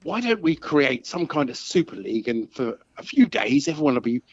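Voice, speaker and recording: A man's voice: a little high, very animated, fairly quick, dry recording, lo-fi sound. A man chatting casually on a comedy show, with dry, wry humour. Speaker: co-host.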